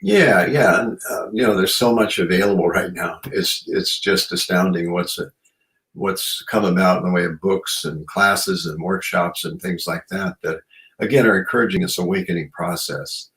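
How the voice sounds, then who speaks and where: A man's voice: deep voice, normal speed, fairly bright tone, rough recording. A man talking as a guest in an interview, earnest and musing, often filling with "you know". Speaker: guest author and shamanic practitioner. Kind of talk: reflective interview conversation.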